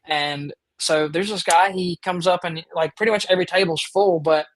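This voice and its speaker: A man with a drawl tells a story on his podcast, his voice pitched a bit above the usual male range. He rambles eagerly and leans on fillers. The sound is dry and close, with no room around it. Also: steady tone, moderate pace, no room sound, low-quality recording. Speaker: podcast host. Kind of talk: casual storytelling chat.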